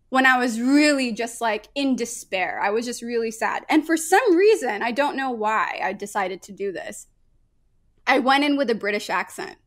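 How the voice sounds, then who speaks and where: Lively, swearing woman laughing often. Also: fairly high pitch. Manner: animated, frequent laughter and casual swearing. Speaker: painter guest. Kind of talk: casual podcast conversation.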